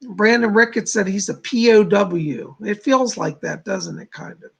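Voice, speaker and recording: Male livestream host, rough gravelly voice, breathy edge, chatty and rambling, reads chat aloud. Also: sits high, unhurried, a bit bright. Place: home studio.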